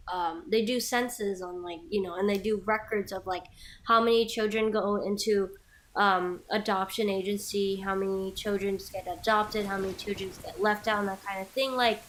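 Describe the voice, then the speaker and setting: A woman's voice: mid-range voice, fairly even intonation, moderate pace, fairly bright tone, poor audio. A woman co-hosting a gaming video in casual chat, earnest and rambling, full of fillers. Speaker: co-host playing a video game.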